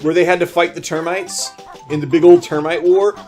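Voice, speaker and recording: A man's voice: on the high side, fairly even intonation, fairly quick, darkish tone. A man co-hosting a video game let's play, rambling and joking casually and swearing freely. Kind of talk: casual gameplay commentary. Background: game music.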